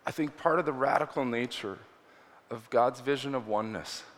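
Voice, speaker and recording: A man preaching a storytelling sermon in a church hall, earnest and animated as he tells the story. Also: medium pitch, moderate pace. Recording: reverberant hall.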